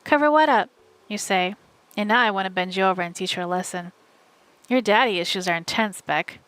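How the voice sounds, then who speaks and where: A woman streamer reading a novel aloud live from home, in steady, wry first-person narration. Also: mid-range voice, brisk, smooth, no room sound.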